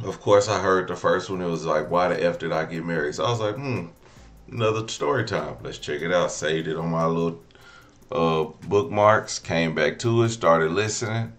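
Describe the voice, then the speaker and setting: A man hosting a reaction video, opening with an energetic, slang-heavy hype intro before commenting. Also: low voice, normal speed, faint music behind. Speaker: host.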